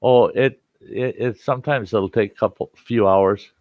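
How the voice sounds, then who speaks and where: A man's voice: lowish voice, normal speed, no room sound. A man chatting casually on a livestream, easygoing with short answers. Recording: dry, dull lo-fi sound.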